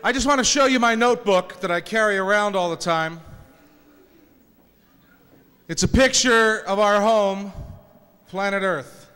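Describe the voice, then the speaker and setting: A man speaks from the stage of a large hall, his smooth, fairly high voice trailing off into a long echo. He mixes inspiration with jokes, telling homely stories to the audience. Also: unhurried, pauses often, sharp tone. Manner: joking, folksy storytelling. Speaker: speaker at a peace concert. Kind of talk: inspirational public speech with humorous stories. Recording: reverberant hall recording.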